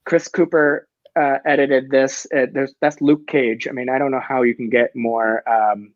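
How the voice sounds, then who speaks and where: A man's voice: medium pitch, level tone, a little slow, dry recording. A man hosting a comics chat, eager and rambling as he circles back over his own phrases. His voice sits mid-range and comes through dry with no room sound, on a dull, lo-fi recording. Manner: enthusiastic, rambling with restarts. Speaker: comics show host. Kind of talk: casual chat.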